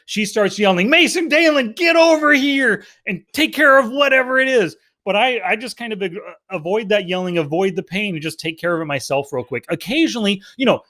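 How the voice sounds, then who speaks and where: A man's voice: on the high side, a bit bright. A middle-aged man co-hosting a podcast in casual chat, earnestly laying out life lessons. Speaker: podcast co-host.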